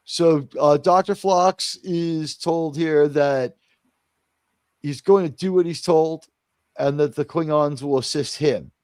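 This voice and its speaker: A man with a fairly high voice hosts a casual live review stream. He rambles through his points with plenty of fillers and restarts. His voice sits close and dry on the mic, with no room around it. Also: slow, darkish tone, clean tone, no echo. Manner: rambling, many restarts and fillers, quotes others in mock voices. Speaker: host of a live review show.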